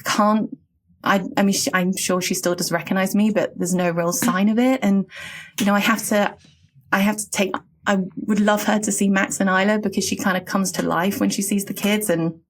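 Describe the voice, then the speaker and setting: A woman from England in her late thirties, talking in an earnest, reflective and halting way on a casual podcast. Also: medium pitch, little pitch movement. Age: late 30s.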